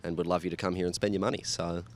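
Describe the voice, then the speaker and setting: An Australian man giving relaxed, chatty opinions in a street interview. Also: low voice, very fast. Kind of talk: casual opinion chat.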